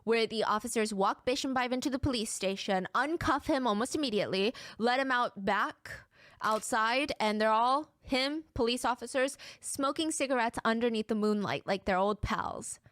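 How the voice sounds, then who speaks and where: A woman's voice: fairly high pitch, normal speed, a bit bright, no echo, studio quality. A woman narrating a true crime case in a vivid storytelling manner, acting out the people involved.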